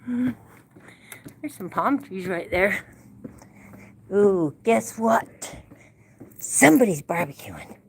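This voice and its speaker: A woman's voice: medium pitch, lively intonation, takes it slowly, pauses often, slight background noise. An older woman walking outdoors at sunset, chatting in a rambling way to live-stream viewers through her handheld phone. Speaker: livestream host. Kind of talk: casual live-stream chat. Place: outdoors on an evening walk. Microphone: phone held in hand.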